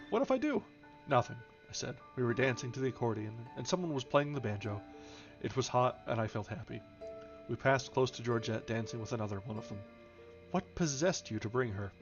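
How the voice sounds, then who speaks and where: A man reading a novel aloud on a live stream, with small slips and restarts and light changes of voice for the characters. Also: medium pitch. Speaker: audiobook reader, streamer. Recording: slightly dull home stream audio with soft background music. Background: faint background music.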